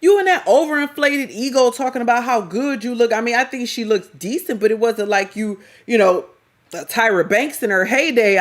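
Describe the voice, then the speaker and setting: A middle-aged woman, giving blunt, slangy, scolding reaction commentary as a vlogger. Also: mid-range voice.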